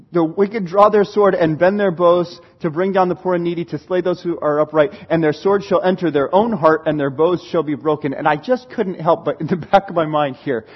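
A man preaches in a high, husky voice, animated and quick to laugh as he acts out the lines he quotes. The recording is dull and lo-fi. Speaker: pastor. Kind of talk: sermon.

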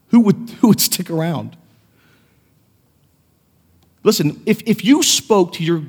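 A male pastor delivers an earnest sermon, his fairly high voice rising and falling in wide swings between soft reflection and raised passion. The sanctuary lends a long, lingering reverb. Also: slightly rough. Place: church sanctuary.

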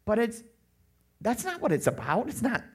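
A middle-aged man preaching a sermon as pastor, animated and lively, often breaking into loud mocking voices. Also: very high voice, moderate pace, breathy edge.

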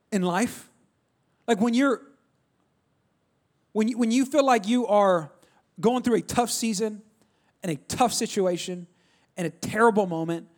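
A middle-aged man preaching a sermon, telling a story in an animated way and calling out to the congregation. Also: high-pitched. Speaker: pastor.

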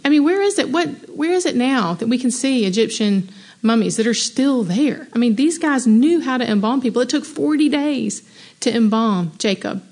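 A woman leading a women's Bible study, reading scripture aloud and commenting in an excited, conversational way with many rhetorical questions. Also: fairly high pitch, normal speed. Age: adult mother. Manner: enthusiastic, conversational, exclaims and asks rhetorical questions.

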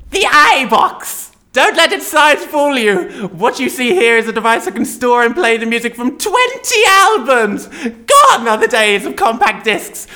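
A woman's voice: fairly high pitch, pushed and bright. A woman playing a pompous, theatrical, reclusive inventor in a comedy sketch.

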